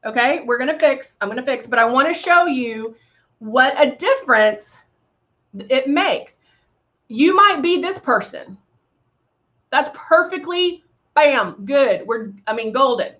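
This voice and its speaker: A woman's voice: high-pitched, animated, measured pace, fairly bright tone, highs cut off. A woman giving a live makeup tutorial, chatty and bubbly, throwing in playful sound effects as she works. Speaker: makeup demonstrator.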